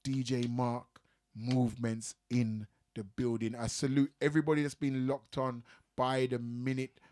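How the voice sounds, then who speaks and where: A man's voice: medium pitch, flat delivery, a little slow, a little mellow. A man hosting a radio show, teasing and laughing with his guest in casual chat. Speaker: radio host.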